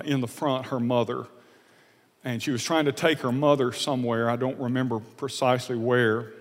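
A man delivers a sermon, sharing a personal story in an earnest, confessional manner, often halting and repeating words. His voice sits in the mid range, and a long reverb tail trails after it.

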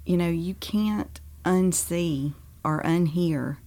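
A woman in her forties talks openly about raising teenagers. Her voice sits low and has a gravelly fry, and she chats in a candid, conversational way. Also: slow pace, warm tone. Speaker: pastor's wife. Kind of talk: casual conversation.

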